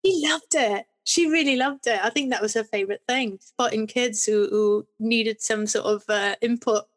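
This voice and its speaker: A woman's voice: a little high, normal speed. A middle-aged woman, a podcast guest, chatting in an interview, telling stories with many restarts and rambling sentences. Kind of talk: conversational interview.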